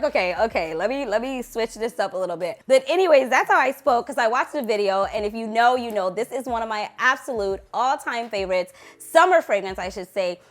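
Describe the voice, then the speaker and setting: A young woman reviewing perfumes in a casual vlog, gushing and playful, lingering over sensual words. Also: fairly high pitch. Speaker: fragrance reviewer.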